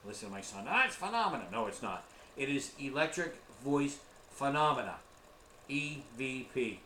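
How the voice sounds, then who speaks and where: A man's voice: mid-range voice, normal speed, bright, forceful tone, a little hiss or hum. Chatty man explaining ghost hunting gear. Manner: earnest, chatty, addresses viewers as folks. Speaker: ghost hunting tour guide. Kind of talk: casual instructional talk. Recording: roomy live stream recording.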